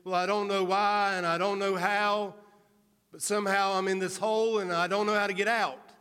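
A man's voice: sits high, level tone, sharp tone, smooth. A preacher voicing a troubled addict who halts and stumbles as he explains he is stuck. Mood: bewildered. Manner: halting, bewildered. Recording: reverberant hall.

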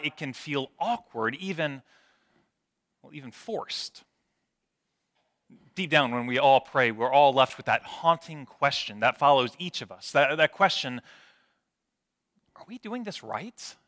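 A man's voice: fairly high pitch, animated, unhurried, pushed and bright. A man preaching a sermon, telling stories with self-deprecating humor before turning to prayer. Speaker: pastor.

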